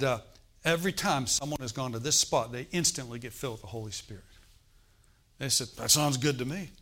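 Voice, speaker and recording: A middle-aged man preaching a sermon, telling stories and acting out the voices of the people in them, swinging from hushed to loud. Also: medium pitch. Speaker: pastor. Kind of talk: sermon storytelling.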